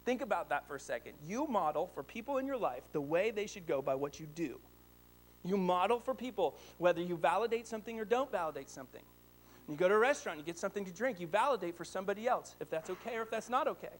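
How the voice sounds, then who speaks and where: Male pastor in his thirties, high voice, animated storyteller in the pulpit. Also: fast. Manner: animated storytelling, rising to excited shouts. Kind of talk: sermon with personal stories.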